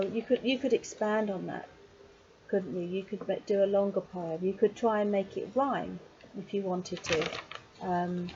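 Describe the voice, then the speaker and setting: A woman giving a casual video lesson on writing poetry, chatty and encouraging, with frequent pauses and digressions. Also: medium pitch, dark tone. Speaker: poetry workshop teacher. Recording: slightly dull lo-fi sound with faint noise.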